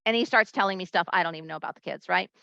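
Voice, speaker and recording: A woman presenting a conference talk to teachers, a lively storyteller who acts out the voices she quotes. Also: lowish voice, very fast, creaky, dry recording, highs cut off.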